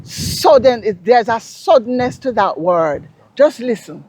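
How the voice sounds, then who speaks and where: A Jamaican woman with a high voice speaks at an unhurried pace. She explains words as a guest in a casual interview, and she tells her stories with lively emphasis. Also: husky. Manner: animated storyteller, lively and emphatic.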